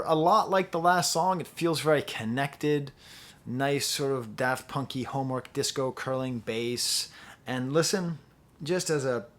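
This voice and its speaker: A man's voice: medium pitch, a bit bright. A man giving a casual spoken album review, rambling and digressive, full of fillers and restarts. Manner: mocks his own reactions in playful voices. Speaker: music reviewer.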